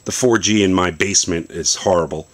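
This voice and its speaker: Very low-voiced man demonstrating phone tricks. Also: a little fast. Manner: relaxed, rambling explanation with many fillers and restarts. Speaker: tech video host. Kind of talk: casual tech demonstration. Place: basement.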